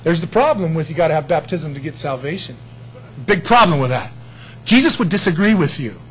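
A man preaching a sermon in an animated, conversational way, acting out short quotes. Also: a little high, a little fast, poor audio.

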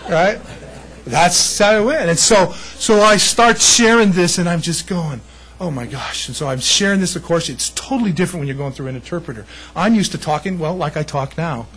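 Husky, animated American pastor. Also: male voice, on the high side, fairly quick, hardly any pauses, poor audio. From United States. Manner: animated storytelling, laughs often, shifts between loud and hushed. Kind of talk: sermon with personal stories.

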